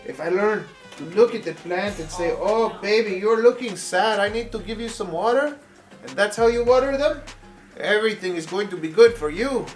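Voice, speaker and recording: A man's voice: high-pitched, moderate pace, roomy sound, soft background music, lightly acted. A man putting on a flamboyant plant-loving character with a mock Spanish accent, theatrical and doting. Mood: playful. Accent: put-on Spanish. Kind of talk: comic vlog persona.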